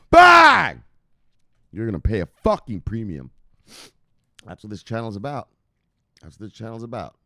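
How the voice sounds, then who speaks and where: A man hosting a crypto news channel, ranting to his viewers in a profane, theatrical way that swings from loud shouts to muttered asides. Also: on the low side, no room sound, clean studio sound. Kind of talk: fired-up rant to viewers.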